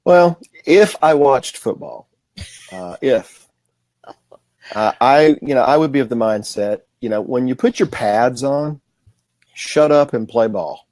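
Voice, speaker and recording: A man from the American South co-hosting a political talk show, speaking in a measured, deliberate, folksy way. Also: mid-range voice, animated, a little mellow, no echo. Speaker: co-host.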